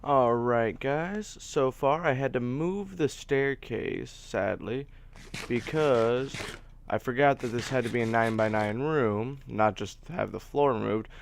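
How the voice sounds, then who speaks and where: A man's voice: medium pitch, a little slow, creaky, slight background noise. A man giving casual, chatty commentary over his own gameplay as host, rambling a little and poking fun at himself. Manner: chatty, rambling, self-deprecating. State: hiccups. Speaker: let's play host.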